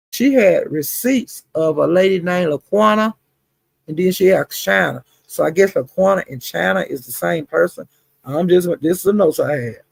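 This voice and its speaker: A woman's voice: on the low side, creaky, darkish tone, husky, no echo. A woman hosting a live stream, chatting casually about online drama, greeting viewers by name and calling them honey and child. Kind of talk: casual gossip commentary. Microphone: streaming setup.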